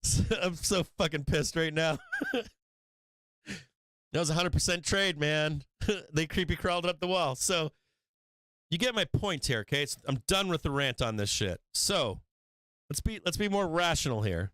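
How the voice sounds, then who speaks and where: A man hosting a market live stream, ranting with profane, emphatic fire. His voice sits high and swings widely in pitch. It sounds close and dry, with no room echo. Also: lively intonation, moderate pace, long pauses, a bit bright, clear, resonant tone. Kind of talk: heated market commentary rant.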